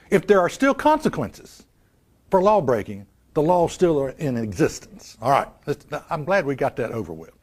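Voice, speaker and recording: A man's voice: mid-range voice, darkish tone. A man preaching a live sermon, emphatic, asking rhetorical questions and repeating key lines. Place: live church service.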